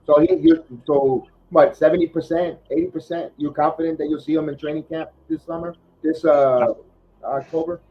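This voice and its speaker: A podcast host with a rather high, steady voice talks sports at a moderate pace, rambling casually with many fillers and restarts. The audio is dull and lo-fi.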